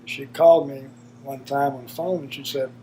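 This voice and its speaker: A man's voice: mid-range voice, fairly even intonation, normal speed, mellow, slight background noise, low-quality recording. An older man, a father telling rambling, folksy stories about his children. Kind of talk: reminiscing storytelling.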